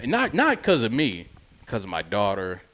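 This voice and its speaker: Animated man telling a story. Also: on the low side, moderate pace, crowd noise. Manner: animated storyteller, acts out other people's voices. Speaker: podcast co-host telling a story. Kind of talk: casual chat.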